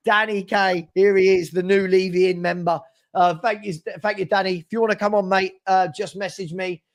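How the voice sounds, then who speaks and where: A man's voice: high voice, a little fast, dry recording. A man hosting a fan live stream, reading out super chats and bantering with viewers. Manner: chatty, animated, banters with viewers.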